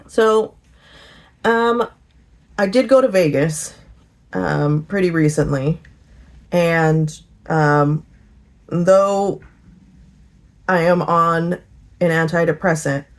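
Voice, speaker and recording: A middle-aged woman chatting casually in a get-ready-with-me vlog, telling a lively story with laughter. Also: lowish voice, slow pace, long pauses. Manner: animated storytelling, laughing and singing along. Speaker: vlogger.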